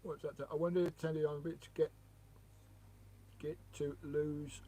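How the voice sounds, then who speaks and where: A man's voice: on the high side, little pitch movement, a little slow, mellow. A man hosting a casual live stream outdoors by a loch, chatting away and greeting viewers as he reads their messages, on a remote mic. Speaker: vanlife livestream host. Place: outdoors by a loch beside his van. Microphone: remote microphone.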